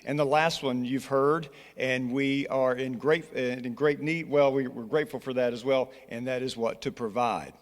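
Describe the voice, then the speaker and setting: A man's voice: medium pitch, fairly even intonation, normal speed, hardly any pauses. Earnest Scottish man in an echoing church. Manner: earnest, exhorting, tells stories with frequent restarts. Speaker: college church relations director. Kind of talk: church presentation with personal story. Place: church sanctuary. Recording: long reverb in a large church hall.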